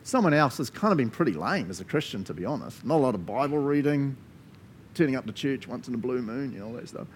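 Earnest New pastor, conversational. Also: male voice, medium pitch, animated, fast, a little hiss or hum. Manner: earnest and conversational, with frequent laughs and asides. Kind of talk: sermon.

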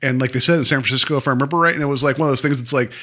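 Man, podcast co-host, bright voice, rambling casual delivery. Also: mid-range voice, steady tone, racing. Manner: rambling, laughs often, trails off. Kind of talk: casual TV review chat.

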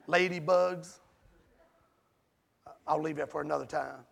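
A man preaching a sermon emphatically, swinging from hushed asides to near-shouting. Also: a little high, fairly even intonation, measured pace, gravelly.

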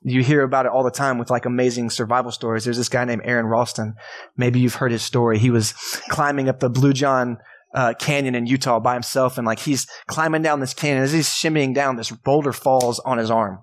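A man's voice: medium pitch, fairly even intonation, fairly quick. A man as pastor giving a sermon in a church, talking in a casual, conversational way and asking the congregation questions.

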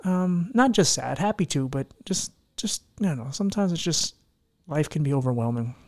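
A man's voice: a little high, expressive, normal speed, a little mellow. A man hosting a podcast in casual chat, talking in an earnest, heartfelt, rambling way. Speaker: podcast host.

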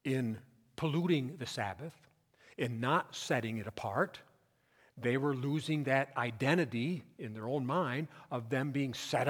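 A man's voice: medium pitch, unhurried, slightly rough. A male pastor preaching a midweek sermon, reading scripture aloud and then explaining it with rising emphasis. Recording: church hall with long reverb.

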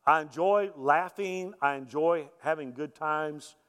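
A man's voice: fairly high pitch, a little slow, fairly bright tone, smooth. A middle-aged man, preaching a sermon in a conversational way and often repeating his words as he goes. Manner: conversational preaching with frequent word repetitions. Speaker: pastor. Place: church sanctuary. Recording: echoey church hall.

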